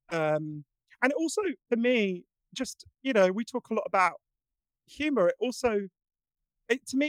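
High-voiced, earnest male guest. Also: dry recording. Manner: earnest, animated storyteller with frequent restarts. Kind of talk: casual conversation.

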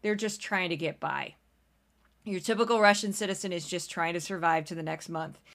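A woman's voice: fairly low pitch, moderate pace, creaky, a bit bright. An American woman hosting a casual solo podcast, chatty and rambling, laughing often into a home microphone. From United States. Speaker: podcast host.

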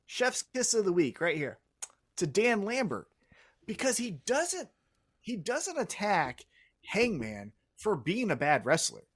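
A man co-hosting a casual wrestling podcast, talking fast and with strong opinions. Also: high voice, very animated, slightly rough. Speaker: podcast co-host.

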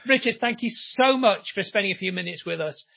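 Man, podcast host, gravelly voice, casual chat, muffled lo-fi audio. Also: high voice, expressive, a little fast. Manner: chatty, with many fillers.

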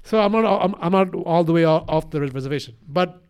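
A man's voice: a little high, fast talker, slight background noise. Rambling, profane man with a mixed accent. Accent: mixed, slight Eastern European. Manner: rambling, profane, animated, laughs often. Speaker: podcast co-host. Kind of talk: casual podcast chat.

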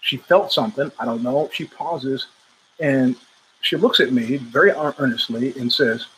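A man's voice: medium pitch, moderate pace, a bit bright, slight background noise, rough recording. A middle-aged man hosting his own show, telling a long story in a casual, rambling way with restarts and asides. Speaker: show host.

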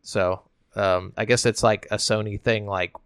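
A man's voice: lowish voice, steady tone, measured pace, fairly bright tone, smooth, dry recording, clean studio sound. Chatty young man reading gaming news. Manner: loose and chatty, filler-heavy, reads news quotes aloud. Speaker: podcast co-host.

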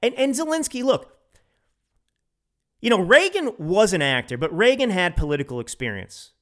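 A man delivering solo commentary on his own podcast, his voice sitting a little high for a man. It swings up and down a lot as he presses each point, and he repeats phrases for emphasis. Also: very animated, moderate pace, fairly bright tone. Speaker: podcast host.

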